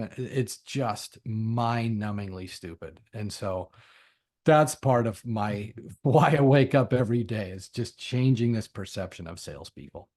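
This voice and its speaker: A man, a guest on a podcast, talking in a blunt, opinionated and energetic way. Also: lowish voice, measured pace. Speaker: podcast guest, sales consultant. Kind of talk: conversational interview.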